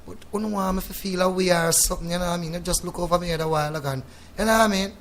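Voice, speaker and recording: A man's voice: high-pitched, very fast, a bit bright, a little hiss or hum. Preachy Jamaican man in patois. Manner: preachy and reflective, in patois, often asks "you know what I mean". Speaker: guest reggae artist. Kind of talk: in-studio radio interview. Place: radio studio.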